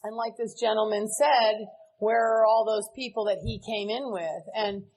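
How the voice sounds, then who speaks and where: A woman's voice: a little high, steady tone, normal speed, a little mellow, a little hiss or hum, poor audio. A woman giving a candid, earnest recovery talk to a large meeting audience. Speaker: AA speaker. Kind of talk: recovery speech to a live audience.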